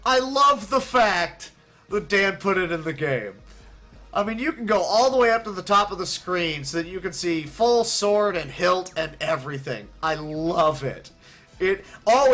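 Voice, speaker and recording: A man commentating his own speedrun live, excitable and self-deprecating, chatting with viewers as he plays. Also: high-pitched.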